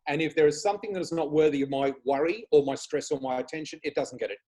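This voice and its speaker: A man with an Australian accent, a guest chatting casually, telling lively stories and laughing often. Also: on the high side, fast talker. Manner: animated storyteller, laughs often, swears casually. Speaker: guest, flower reader. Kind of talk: casual chat.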